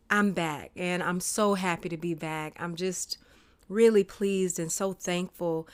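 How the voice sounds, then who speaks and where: Bubbly lady podcaster rambling from home, lowish voice, lots of ums. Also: clear, resonant tone. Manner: bubbly, chatty, frequent ums. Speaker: podcast host. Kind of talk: casual solo podcast chat. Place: home, by a window.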